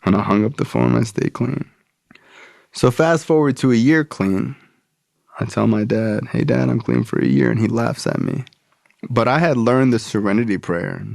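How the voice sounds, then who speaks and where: A man's voice: medium pitch, normal speed, gravelly, darkish tone, dry recording, clean studio sound. A young man, a podcast guest, telling a candid personal story in a casual, profane way.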